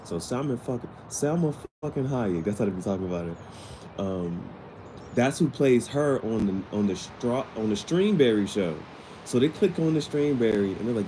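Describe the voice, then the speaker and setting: A man's voice: medium pitch, animated, normal speed, background noise. A man casually recapping a TV episode in slangy, rambling speech with many restarts. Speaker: vlogger.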